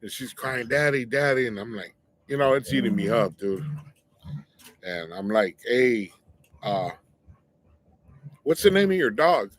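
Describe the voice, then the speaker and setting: A man's voice: on the low side, lively intonation, unhurried, long pauses. A middle-aged man hosting his own show, telling a personal story in a casual, blunt, slangy way and warning listeners. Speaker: show host.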